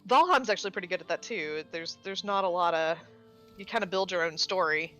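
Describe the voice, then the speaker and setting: A woman chatting casually on a live gaming stream, expressive and full of filler words and mild swearing. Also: on the low side, fairly quick, highs cut off, faint music behind. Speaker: streamer co-host. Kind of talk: casual chat while gaming.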